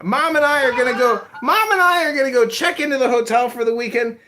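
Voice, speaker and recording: A man's voice: very high voice, fast talker, bright, forceful tone, pitched above the performer's own voice. A man voicing a doting, crude older father who gushes with pride. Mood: proud, gushing.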